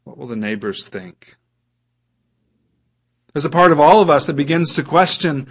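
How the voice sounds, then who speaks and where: Man, pastor, sermon, slightly higher voice, animated delivery, asks the congregation questions. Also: normal speed, long pauses, slightly rough. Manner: animated, reads scripture aloud, asks the listeners questions.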